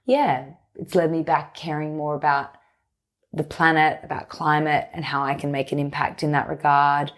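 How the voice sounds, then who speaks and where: Low-voiced woman guest, candid and reflective. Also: level tone, moderate pace. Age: 30s. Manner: open, reflective, speaks in long flowing runs. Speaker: podcast guest. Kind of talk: candid conversational interview.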